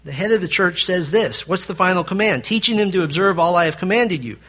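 A man preaching as a pastor, delivering a sermon with emphatic swings between forceful declarations and hushed, quiet passages. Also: high voice, animated, a little fast.

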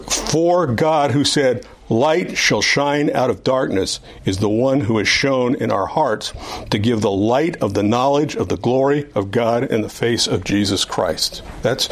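A man's voice: medium pitch, slightly rough. A man teaching an adult Sunday school class, explaining scripture and repeating key phrases for emphasis.

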